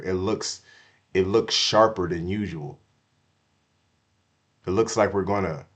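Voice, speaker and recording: A man giving casual, slangy crypto market commentary to his chat, swinging from hyped shouts to hushed apologies and repeating himself. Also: deep voice. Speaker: crypto streamer.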